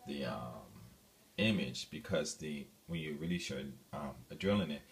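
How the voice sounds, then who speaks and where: A man's voice: a bass voice, animated, normal speed, recorded from a distance. A man vlogging a personal story in a casual, rambling way, full of fillers and restarts.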